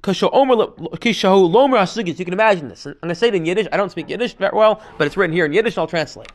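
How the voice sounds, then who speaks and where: A man teaching a Talmud class as a rabbi, telling stories in an animated way and swinging between loud and hushed delivery. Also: sits high, rapid-fire. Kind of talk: lively classroom lecture.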